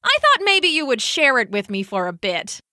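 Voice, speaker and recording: Chirpy storybook flea lady, salesy and friendly, bright and high, as a woman puts her on. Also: huge pitch swings, moderate pace, no room sound, studio quality, heavily acted. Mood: cheerful. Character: cheerful friendly female flea.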